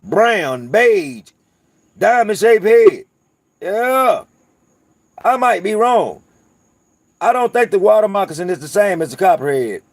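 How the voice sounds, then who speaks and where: A man's voice: high voice, big pitch swings, slow, long pauses, no room sound. A man from North Carolina with a Southern accent, chatting casually and profanely to his viewers as host of his channel, rambling through stories. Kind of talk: casual livestream chat.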